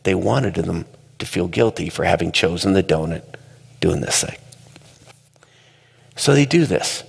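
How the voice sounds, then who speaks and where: A man telling a story in a conversational, animated way during a talk. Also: deep voice, measured pace, gravelly, slightly rough. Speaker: speaker. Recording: long hall reverb.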